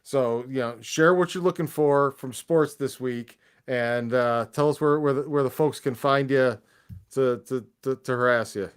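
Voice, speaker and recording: A man hosting a casual sports podcast, moderating and asking questions with halting restarts. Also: mid-range voice, smooth. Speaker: podcast host.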